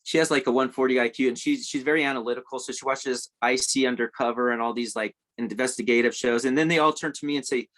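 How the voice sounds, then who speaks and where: A man's voice: medium pitch, steady tone, fast, hardly any pauses, a bit bright. A man telling a long story as a guest in a casual interview, rambling with many fillers and restarts.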